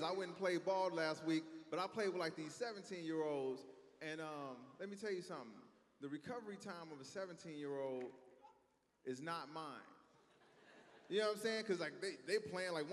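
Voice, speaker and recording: A man in his thirties doing a stand-up set on a stage, telling stories in a conversational, animated way. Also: high voice. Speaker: stand-up comedian. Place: stage in a large hall. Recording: echoey hall, faint ambience.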